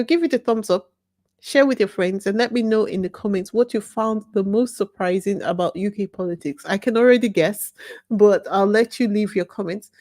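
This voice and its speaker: A YouTube channel host talks in a mid-range voice with a darkish tone, and there's no room sound. Her casual vlog monologue is emphatic and impassioned, punctuated by pointed questions she puts to herself.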